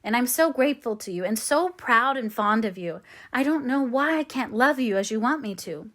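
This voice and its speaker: A woman's voice: on the high side, lively intonation, normal speed. A woman voicing a spirited young woman who speaks earnestly and firmly in an audiobook reading. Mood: earnest, remorseful. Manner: earnest, gently firm.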